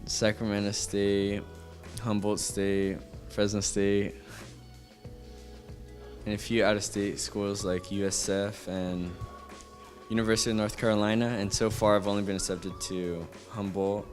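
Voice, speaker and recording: A teenage boy student speaking in a flat, listing way. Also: lowish voice, measured pace, faint music behind. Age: teens. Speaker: student interviewee.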